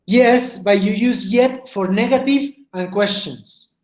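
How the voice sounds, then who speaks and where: A woman's voice: a little high, background noise. Lady teaching english online, coaxing students to repeat, echoey room. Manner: drills sentences, slow and emphatic, coaxing students by name. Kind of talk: online group English lesson.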